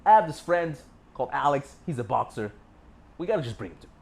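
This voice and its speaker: A man's voice: medium pitch, very animated, quick pace, creaky, a little mellow. A young man telling a story casually, boastful and full of swearing, rambling with fillers. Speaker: vlogger.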